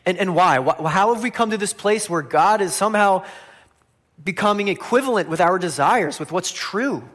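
Animated preaching man, slightly high voice. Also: normal speed. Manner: animated, acts out quoted voices of biblical figures; swings between loud emphasis and quiet, dropping line ends. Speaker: pastor. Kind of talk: sermon.

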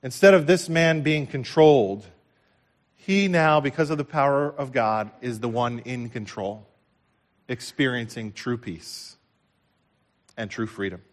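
A man preaching a sermon as pastor, impassioned, swinging from loud declarations to hushed, and repeating phrases for emphasis. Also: medium pitch, unhurried.

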